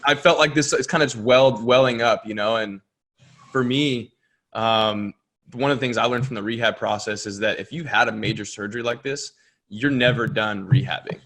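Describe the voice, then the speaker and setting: A young man, a baseball pitcher co-hosting, talking earnestly and reflectively in casual chat. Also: moderate pace, a bit bright. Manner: reflective, earnest, builds energy when making a point.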